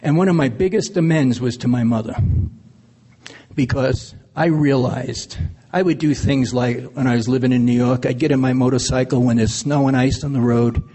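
A man's voice: medium pitch, normal speed, mellow, breathy edge. A man sharing his recovery story with earnest, plain storytelling and occasional laughs. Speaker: AA speaker. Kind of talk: recovery share, personal story. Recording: long hall reverb.

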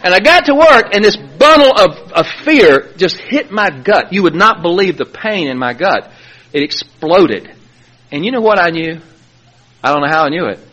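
A middle-aged man giving personal testimony at a recovery meeting from a podium, telling his story animatedly and swinging from hushed to loud. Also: high-pitched, lively intonation, normal speed. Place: speaking at a podium.

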